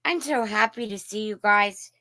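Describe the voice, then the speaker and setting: A woman's voice: medium pitch, moderate pace, pushed and bright, dry recording. A woman from Indiana hosting a casual live chat, greeting viewers by name in a folksy way. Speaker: live stream host.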